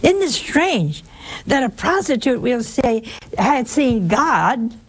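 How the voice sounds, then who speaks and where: A woman's voice: a little high, big pitch swings, slow pace, husky. A woman giving a conversational sermon, full of rhetorical questions and folksy asides. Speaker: preacher.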